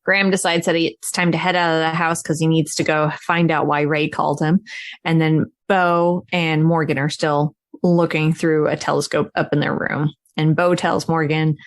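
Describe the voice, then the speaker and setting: A woman's voice: deep voice, level tone, normal speed, no room sound, studio quality. A woman casually recapping a film as a podcast co-host, chatty and laughing often. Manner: chatty storytelling with frequent laughs.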